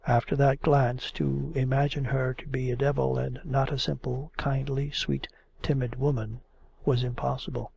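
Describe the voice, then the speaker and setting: A man reads classic literature aloud in a measured, expressive audiobook narration. His mid-pitched voice is heavily gravelly and husky.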